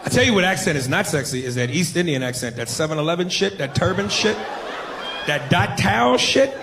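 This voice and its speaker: A man performs a brash, profane stand-up set in a comedy club, his voice slightly high. The live recording carries audience sounds and steady room noise behind him. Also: fairly quick, vocal fry, a crowd in the background.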